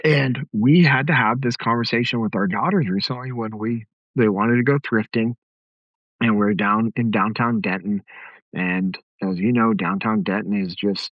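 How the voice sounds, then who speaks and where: A man's voice: fairly low pitch, moderate pace, dry recording, muffled recording. A middle-aged man hosting a podcast, telling stories in a direct, conversational way. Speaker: podcast host. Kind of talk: casual podcast talk.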